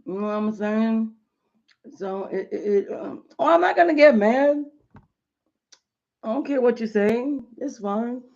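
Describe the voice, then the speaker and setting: A chatty woman in her thirties talks casually from home on a live stream, slangy and full of "like" and "you know". Her voice sits a little high. The stream audio is dull and lo-fi. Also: a little slow, long pauses. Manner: chatty, animated, slangy with many fillers.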